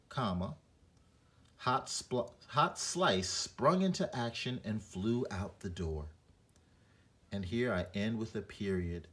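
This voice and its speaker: A man whose voice is on the low side teaches a reading lesson. He explains punctuation and reads a short story aloud to demonstrate flat and expressive delivery.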